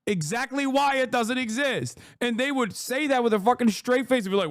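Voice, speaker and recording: A man's voice: very high voice, expressive, moderate pace, hardly any pauses, no room sound, studio quality. A man reacting to an interview clip in casual commentary, blunt and profane, mocking the clip and laughing often.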